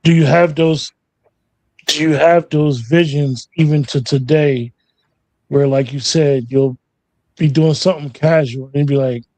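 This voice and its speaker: A man's voice: a little high, steady tone, measured pace, dark tone, no echo. A man hosting an interview, asking loose, rambling questions full of repeats. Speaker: interview host.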